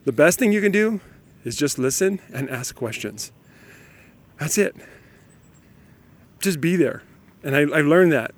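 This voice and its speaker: A man in his thirties or forties, a father telling parenting stories in a casual, animated monologue and laughing often. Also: on the high side, a little slow, pauses often.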